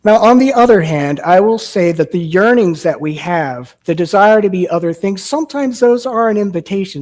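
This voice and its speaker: A man delivers a Sunday message in a church sanctuary. His voice sits a bit on the high side. He speaks in a storytelling way and often turns to rhetorical questions. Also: expressive, moderate pace, few pauses, darkish tone. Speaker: minister. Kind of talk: sermon.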